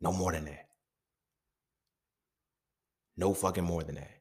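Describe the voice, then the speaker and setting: A man's voice: low-pitched, steady tone, a little slow, darkish tone. A man hosting a podcast, talking in a casual, profane monologue full of rhetorical questions. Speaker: podcast host.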